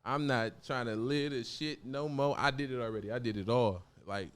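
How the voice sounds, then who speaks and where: A man from Oakland, talking as a rapper guest in a casual studio interview. His voice is smooth and resonant and sits at an ordinary pitch. He speaks in heavy street slang, laughs often and restarts his sentences. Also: normal speed. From Oakland, California. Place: podcast studio.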